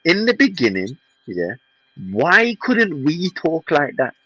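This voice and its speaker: A man's voice: a little high, huge pitch swings, slow pace, bright, forceful tone, dry recording, low-quality recording. A man co-hosting a podcast, in fiery and mocking football banter, repeating himself. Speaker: podcast co-host.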